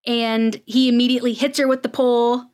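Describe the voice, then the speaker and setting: A woman's voice: on the high side, little pitch movement, a little fast, a little mellow. A woman co-hosting a podcast, recapping episodes in a chatty storytelling way. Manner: chatty storytelling, acts out quotes. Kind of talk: casual recap chat.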